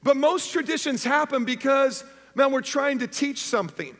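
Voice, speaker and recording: A man preaching an Easter sermon, conversational and energetic, asking the congregation if they are with him. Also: very high voice, moderate pace. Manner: energetic, conversational, calls to the audience. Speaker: pastor. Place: church auditorium. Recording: long reverb of a church.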